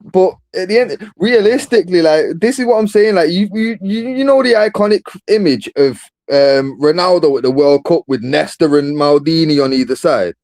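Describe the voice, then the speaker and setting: A man's voice: a little high, expressive, moderate pace, a little mellow, dry recording. Emphatic man arguing football. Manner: emphatic, argumentative, says bro a lot. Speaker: football podcast host. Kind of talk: casual debate.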